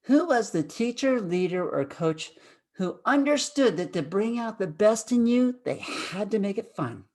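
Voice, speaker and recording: Lively, high-voiced man telling a story. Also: a little slow. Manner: animated, swings from loud excitement to hushed. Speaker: public speaker at a speaking club. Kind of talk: storytelling speech.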